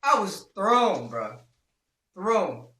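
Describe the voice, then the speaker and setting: Animated, high-voiced man telling a story. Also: very slow. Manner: animated, profane, slangy storytelling. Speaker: storyteller host. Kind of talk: casual storytime. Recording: echoey room, mic at a distance.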